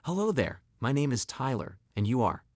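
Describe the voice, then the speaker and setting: Brief: soft-spoken, reassuring young man voiced by a male narrator, lively intonation, dry close sound. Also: medium pitch, moderate pace, slightly rough, dry recording. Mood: gentle. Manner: gentle, reassuring. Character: kind, patient young man helping a girl.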